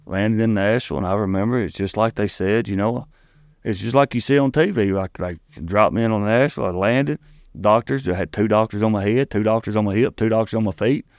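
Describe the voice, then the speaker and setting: Earnest Tennessee man with a low voice. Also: no echo, clean studio sound. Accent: Southern US, Tennessee. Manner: earnest, halting, with frequent restarts and repeated words. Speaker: guest. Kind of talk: personal storytelling in an interview.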